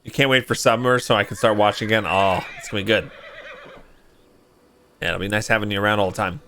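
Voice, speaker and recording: A man's voice: on the low side, fairly even intonation, fast, a bit bright, slight background noise. A man streaming a game live, chatting casually, thinking aloud and thanking viewers.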